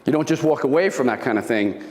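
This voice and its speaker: A man's voice: mid-range voice, lively intonation, quick pace, darkish tone. A middle-aged man giving a motivational talk to a live audience, telling a dramatic story and acting out the lines he quotes. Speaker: motivational speaker. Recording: long hall reverb.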